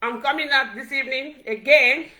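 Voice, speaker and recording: A woman's voice: high voice, moderate pace, bright, forceful tone, slight background noise. A middle-aged Nigerian woman vlogger scolding her critics in a repetitive, Pidgin-laced rant. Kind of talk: direct-to-camera rant.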